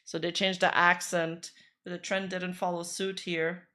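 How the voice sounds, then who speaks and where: Woman, casual reaction chat, rambling fillers, bright tone. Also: fairly low pitch, flat delivery, unhurried. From Quebec, Canada. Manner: chatty, rambling, frequent "like" fillers. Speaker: streamer reacting to clips.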